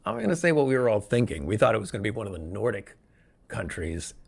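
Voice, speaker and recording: A man hosting a solo podcast, talking in an excitable, rambling, jokey way from a room where he records alone. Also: fairly low pitch, quick pace, vocal fry, slightly rough. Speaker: podcast host. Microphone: podcast microphone, also filmed.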